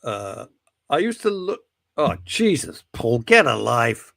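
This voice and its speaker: A man's voice: mid-range voice, big pitch swings, slow pace, creaky, a bit bright, no room sound. A man hosting a talk radio show, rambling and jokey as he talks through listener messages. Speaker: radio host. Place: radio studio.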